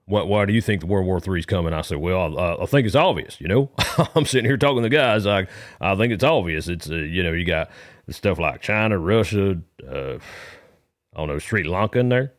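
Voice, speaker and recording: A man with a low, deep voice tells a long, wandering comic story as a caller. He drifts from point to point in a folksy way and uses rural grammar. The sound is close and dry. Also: expressive, moderate pace, no echo. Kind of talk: rambling comic monologue.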